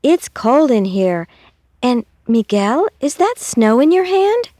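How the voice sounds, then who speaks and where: A woman's voice: high voice, big pitch swings, takes it slowly, mellow, no echo, studio quality, pitched above the performer's own voice, exaggerated voice. A woman voicing a firm but fond father in a storybook reading.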